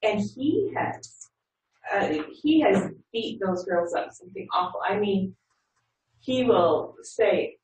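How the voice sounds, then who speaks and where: Woman manager telling a story about a rude caller, lively, echoey room, far from the mic. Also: mid-range voice, slow pace. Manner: animated retelling, acts out a caller's voice. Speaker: call center manager. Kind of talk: storytelling to a workshop group. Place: training room. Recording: echoey room, distant mic, faint hum.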